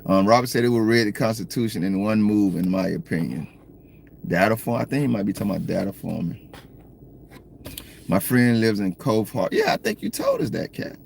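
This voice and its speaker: A man's voice: on the low side, very animated, a little fast, creaky, darkish tone, a little hiss or hum. A man with a Southern American accent, sitting in his parked car and chatting casually with viewers on a livestream, joking and reading their comments. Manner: laid-back, joking, talks straight to viewers. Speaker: livestream host.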